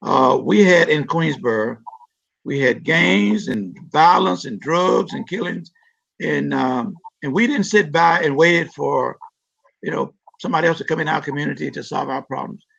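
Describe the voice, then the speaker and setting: A man's voice: on the high side, normal speed, gravelly, a bit bright. A man, a city council member, giving earnest, emphatic interview answers and often repeating words as he builds a point. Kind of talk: interview answers about community issues. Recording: dull lo-fi live-stream audio.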